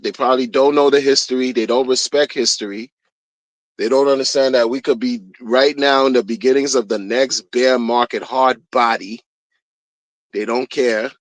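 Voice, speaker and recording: A man's voice: medium pitch, dry recording. Male streamer, blunt slangy rant, repetitive, recorded close and dry. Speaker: crypto streamer. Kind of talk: casual rant.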